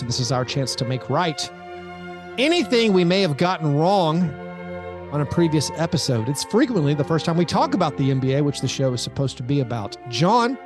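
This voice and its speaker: A man hosting a podcast in casual chat, rambling along with many fillers and restarts. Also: on the high side. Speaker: podcast host.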